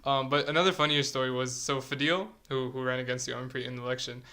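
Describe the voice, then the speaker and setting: A teenage guy hosts a podcast at a quick, tumbling pace, his voice at an ordinary middle pitch. He jokes easily and fires off follow-up questions to his guests. His talk stays casual throughout. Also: level tone, bright, forceful tone. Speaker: podcast host.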